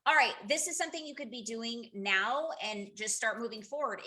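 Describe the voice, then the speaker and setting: Woman in her thirties, team leader on a group call: chatty, candid, restarts often, bright forward tone. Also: medium pitch. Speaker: direct sales team leader. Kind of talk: casual group coaching call.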